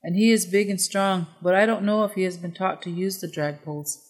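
A narrator voicing a quiet, polite young woman who firmly refuses a trade, in a storybook reading. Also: mid-range voice, fairly even intonation, fairly quick, lightly acted.

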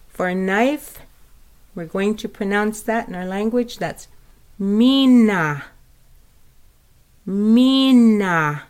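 A woman teaching vocabulary of her people's language, speaking slowly and patiently and repeating each word for listeners to say along with her. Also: medium pitch, darkish tone. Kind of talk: spoken language lesson.

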